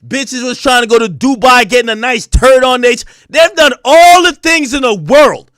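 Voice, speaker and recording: A man streaming live, ranting to his chat in a crude, animated way that bursts into shouting. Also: very high voice, normal speed, clean tone, dry recording, studio quality.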